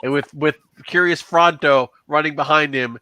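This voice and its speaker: Man game master, bright tone, dry close sound, rambly narration. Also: on the high side, steady tone, normal speed, no room sound, rough recording. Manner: loose, filler-heavy storytelling.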